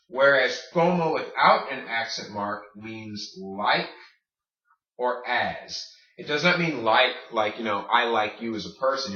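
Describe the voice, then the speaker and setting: A man teaching a recorded Spanish pronunciation lesson, saying words slowly and repeating them. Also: medium pitch, bright, forceful tone. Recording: echoey room, distant dull mic.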